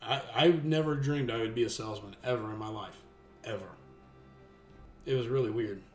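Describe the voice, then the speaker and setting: A man's voice: on the low side, fairly quick. Rambling man telling a story in an echoey room. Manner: rambling with many restarts, animated when quoting others. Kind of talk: casual storytelling chat. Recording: echoey room with faint music.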